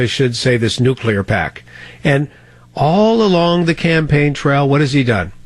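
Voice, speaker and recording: A man's voice: medium pitch, dry recording. A man hosting a talk radio show, delivering a sarcastic monologue full of rhetorical questions into a studio mic. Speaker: fill-in radio talk host.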